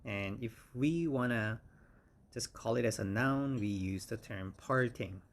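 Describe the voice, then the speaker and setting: A man teaching English vocabulary, saying each word slowly and repeating it several times. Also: mid-range voice. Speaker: English instructor. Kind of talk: vocabulary lesson.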